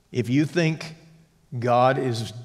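Male church Bible teacher, emphatic lecture, hushed asides, long hall reverb. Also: medium pitch. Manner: emphatic, drops to a hush on key lines.

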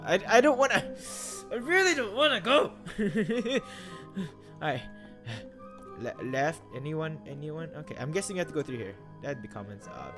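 A young man doing jokey horror game commentary, rambling to himself and yelping when startled. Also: a little high. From Philippines. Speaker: gaming YouTuber.

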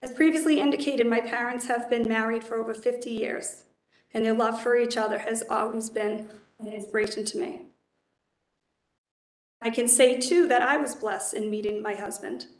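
A woman in her forties giving measured, earnest testimony as a judicial nominee at a public hearing. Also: on the high side, fairly even intonation. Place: council hearing chamber. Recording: echoey hearing room.

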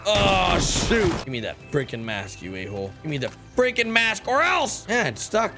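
Excitable young man narrating gameplay. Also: high voice, moderate pace, music in the background. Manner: excitable, exclamatory, talks to viewers as dudes. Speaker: gaming YouTuber.

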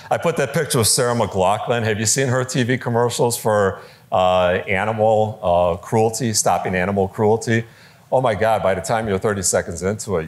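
Lively man giving a conference talk. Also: on the low side. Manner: conversational, lively, with quoted voices and fillers. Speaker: speaker teaching preachers.

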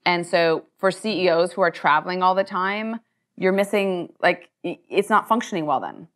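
Fast, chatty businesswoman leader on stage. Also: lowish voice. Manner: talkative, quick, full of "like" and "um" fillers. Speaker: company CEO and co-founder. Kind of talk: onstage conversation, answering questions. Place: university lecture hall.

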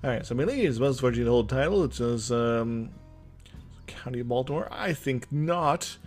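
A young man talking his way through a strategy game in a loose, rambling let's-play style, his pitch jumping around animatedly. He mumbles, hums little tunes and chuckles to himself between thoughts. Soft guitar music plays faintly underneath. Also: expressive, normal speed. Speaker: gameplay commentator. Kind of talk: casual let's-play commentary. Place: indoor room with loud trucks outside.

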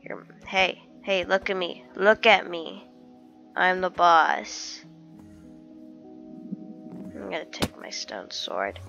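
A woman's voice: on the low side, sing-song, slow pace, gravelly, long pauses, sharp tone, soft background music. A woman talking to herself as she plays a survival game, describing each step she takes. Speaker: gamer narrating her own play. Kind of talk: casual let's-play commentary. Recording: dull lo-fi recording.

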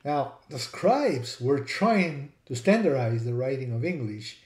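A man's voice: medium pitch, expressive, measured pace, a little mellow, reverberant. A man teaching a lesson, spelling out words and repeating sounds to demonstrate. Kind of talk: explanatory lesson.

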